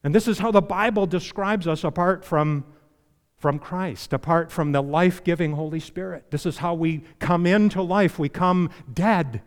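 A man preaching a sermon as pastor, emphatic, asking the congregation questions and slowing down for scripture. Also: sits high, smooth. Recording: long reverb of a church hall.

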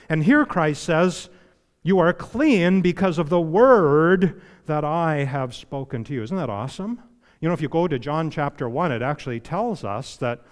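A man preaching a sermon with a fairly high voice, emphatic and questioning his listeners. He slows down when reading scripture. Long reverb from the church hall trails behind every phrase. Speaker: pastor.

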